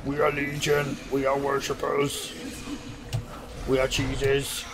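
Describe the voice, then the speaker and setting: A man voicing a cult of cheese-worshipping spirits in a video game, speaking in slow, low, coaxing tones. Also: monotone, background noise. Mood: tempting.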